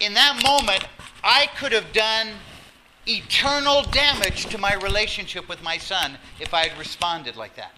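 A man preaching a sermon as pastor, animated, acting out quotes and dropping to a soft voice for emphasis. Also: high-pitched, moderate pace. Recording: noisy sermon recording.

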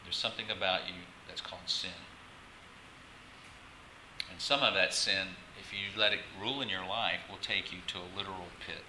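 Male pastor, low-pitched and bright, conversational sermon with repeats, echoey church room. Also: steady tone. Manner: casual and halting, repeats words, laughs often. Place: church sanctuary. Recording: echoey room, faint ambient noise.

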